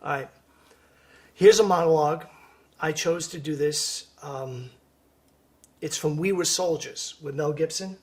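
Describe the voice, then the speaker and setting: A man, an actor, speaking in a soft-spoken, earnest way as a podcast guest. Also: fairly high pitch, a little slow, pauses often. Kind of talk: casual interview chat.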